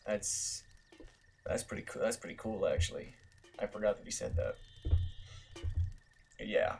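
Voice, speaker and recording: A man's voice: fairly low pitch, sing-song, unhurried, creaky, a little mellow, faint music behind. A young man giving casual, self-mocking gameplay commentary, swearing often. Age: young adult. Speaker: gaming video host.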